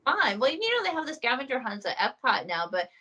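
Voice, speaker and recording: Bright-voiced young woman chatting. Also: high voice, sing-song, a little fast, breathy edge, low-quality recording. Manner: chatty, tells stories with quoted asides and laughs. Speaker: host. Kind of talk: casual chat.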